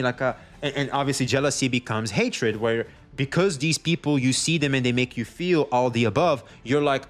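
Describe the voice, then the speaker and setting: Commenting on online drama during a stream, this man speaks fairly quickly in a mid-range voice with few pauses. He's casual, animated, and profane, mimicking other people in quoted voices as he recounts what they said.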